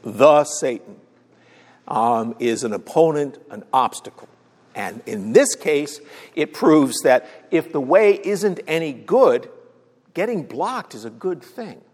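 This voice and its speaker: A man's voice: on the high side, animated, slow, a little mellow. A man preaching a sermon, telling the story conversationally and often checking in with "all right?". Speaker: pastor. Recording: long hall reverb.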